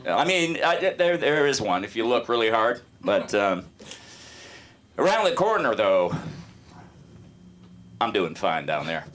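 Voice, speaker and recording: A man's voice: lowish voice, very animated, a little slow, pauses often, fairly bright tone. A man doing self-deprecating stand-up on a club stage, quizzing the crowd. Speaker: stand-up comic. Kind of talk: stand-up comedy.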